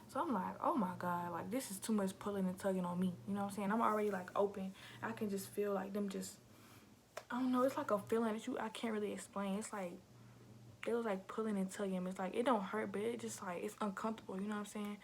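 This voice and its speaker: A young woman chats to her camera in a loose, slangy storytime voice with a gravelly vocal fry. She keeps calling her viewers y'all and often sinks into a soft whisper as she talks. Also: mid-range voice, slight background noise. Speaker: vlogger telling her birth story.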